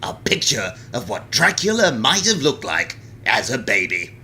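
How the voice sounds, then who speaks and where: A man's voice: medium pitch, sing-song, unhurried, sharp tone, a little hiss or hum, exaggerated voice. A man voicing a stern, exasperated head of state with a pompous manner.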